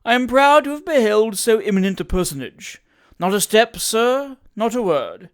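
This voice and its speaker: Reader doing a pompous gentleman, formal, effusive, raised pitch, audiobook character. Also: big pitch swings, normal speed, lightly acted. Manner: formal, effusive, repeats sir. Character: grave, pompous gentleman host.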